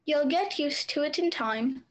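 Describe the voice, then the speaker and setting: Curt caterpillar for a storybook drama, high pitched, short blunt lines, voiced by a woman. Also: a little slow. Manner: blunt, clipped replies.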